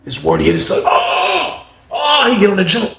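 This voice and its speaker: A man's voice: high-pitched, big pitch swings, moderate pace, creaky, bright, forceful tone. A man telling a story in a loose, slangy way, cursing a lot and checking in with the listener. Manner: loose, slangy, heavy cursing, frequent "you know what I mean". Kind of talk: casual storytime monologue. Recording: roomy echo.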